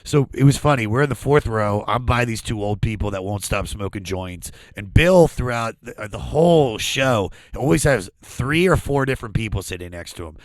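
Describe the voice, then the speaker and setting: Man telling stories with animated voices. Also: lowish voice, normal speed, few pauses, no room sound. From Washington D.C. area. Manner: animated storyteller, acts out voices, frequent laughs. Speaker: podcast guest, comedian. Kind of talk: casual storytelling chat.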